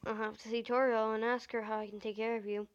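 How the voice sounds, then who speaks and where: A woman voicing a lazy, joking male skeleton with her own high, squeaky voice, barely going deeper. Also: little pitch movement, fast talker, smooth, muffled recording, lightly acted. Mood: easygoing. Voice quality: high squeaky voice trying to go deep.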